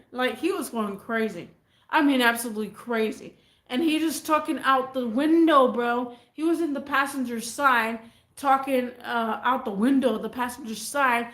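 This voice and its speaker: A woman vlogger telling a neighbor story in a rambling, animated, slangy way. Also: on the high side, normal speed, reverberant. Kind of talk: casual storytelling.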